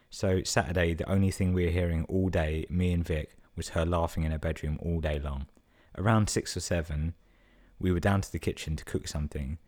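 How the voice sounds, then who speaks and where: A man's voice: low-pitched, darkish tone. A man hosting a podcast, reading listener stories out casually, swearing a lot and laughing at the jokes. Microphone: podcast microphone.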